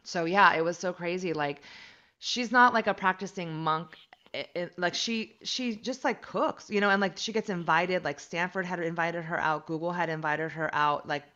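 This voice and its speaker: A woman from the United States, a comedian guest telling a long story in casual chat, animated and full of fillers. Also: fairly low pitch, normal speed, dull audio. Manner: animated and rambling, many fillers.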